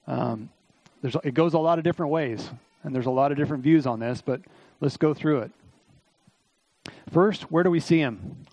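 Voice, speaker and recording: A middle-aged man preaching a sermon as pastor, in a folksy, conversational way, with many fillers and asides, his voice slightly hoarse this morning. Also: fairly high pitch, darkish tone, dry recording.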